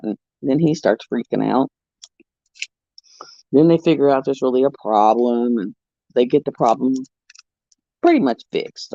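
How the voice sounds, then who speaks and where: A woman chatting casually on her craft vlog as an animated storyteller, recorded at home. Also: rumbling low, no echo. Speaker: crafting vlogger. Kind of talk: casual chat. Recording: muffled, dull sound.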